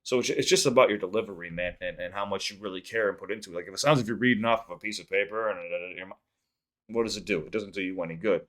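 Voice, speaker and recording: A man's voice: sits low, fast talker, a bit bright. A man hosting a music reaction channel, talking in a rambling, earnest way, swearing freely and stumbling over repeated words. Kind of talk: casual reaction vlog talk.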